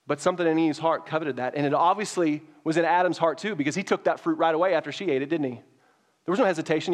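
A male pastor delivering a sermon with a slightly high voice. He talks to his congregation casually, then climbs into emphatic, near-shouted points. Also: fast talker. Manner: conversational preaching, rising to emphatic peaks.

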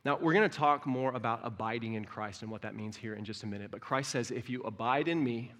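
A middle-aged man preaching a sermon as pastor, direct and blunt, swinging from quiet reflection to loud, impassioned peaks. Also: on the low side, fast.

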